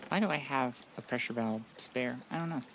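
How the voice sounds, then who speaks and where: A man gives casual commentary while playing a game, talking mostly to himself in a low, muttering way. He jokes at his own expense and drifts between quiet mumbles and brief bursts of louder chat. His voice sits at a medium pitch. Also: brisk, a little hiss or hum. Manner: chatty, self-deprecating, often mutters quietly to himself. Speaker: gaming streamer.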